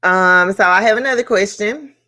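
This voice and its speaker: A woman hosting a book club discussion on a live stream, speaking in a reflective, emotional way with many pauses and fillers. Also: mid-range voice, pushed and bright.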